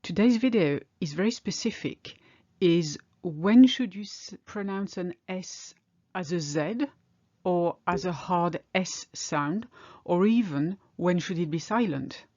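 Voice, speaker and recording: Woman teaching pronunciation, slow and deliberate. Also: lowish voice, darkish tone, dry recording, dull audio. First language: French. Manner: clear, deliberate, slows down on example words. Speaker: French teacher. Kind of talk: pronunciation lesson.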